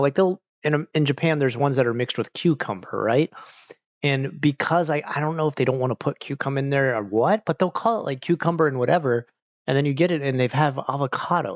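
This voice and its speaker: Mid-range and muffled, in a dry recording, this man's voice comes from a couch at home where he livestreams with a pet close by. He talks to viewers in a rambling, profane way, packed with "like"s and restarts.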